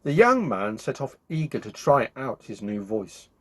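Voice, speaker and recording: A man hosting his own show, reading a children's bedtime story aloud in an expressive, animated way. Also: medium pitch, measured pace. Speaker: storyteller host.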